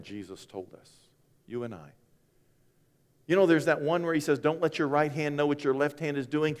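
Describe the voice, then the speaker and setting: A man preaching a sermon, swinging from loud acted-out quotes to hushed asides. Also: medium pitch. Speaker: pastor. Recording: long reverb of a large hall.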